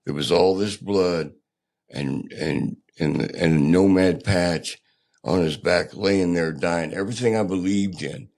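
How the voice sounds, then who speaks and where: An older man, a podcast guest, telling his own story candidly in a plainspoken, halting, rough-edged way. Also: deep voice, darkish tone.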